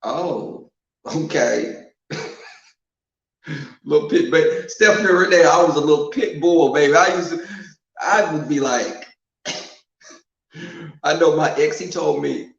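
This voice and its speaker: A man telling casual stories at home, animated and loud when he quotes people, in an echoing room. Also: a little slow, vocal fry, long pauses. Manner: animated, swings loud and high when quoting. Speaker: storyteller. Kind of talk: casual storytelling. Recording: roomy home echo, muffled sound.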